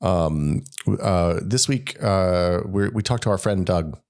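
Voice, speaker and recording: Hoarse, gravelly sick man. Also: slow pace, a little mellow. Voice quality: gravelly, deep. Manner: rambling, self-deprecating, many restarts. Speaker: podcast co-host. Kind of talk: casual podcast chat. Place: room at home.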